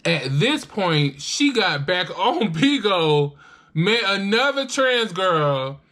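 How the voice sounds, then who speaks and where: Her voice on the low side and her pace slow, a young adult woman vlogger shares a casual story while eating. She tells it animatedly, acting out quoted voices and swearing freely.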